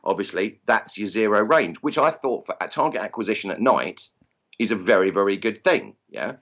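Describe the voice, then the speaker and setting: A low-voiced man talking casually about his hobby. His pitch swings widely as he tells stories, and the audio comes through a little dull and muffled. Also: moderate pace. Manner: chatty, storytelling, animated voices for anecdotes. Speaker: guest, airgun competition organiser. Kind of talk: casual podcast chat.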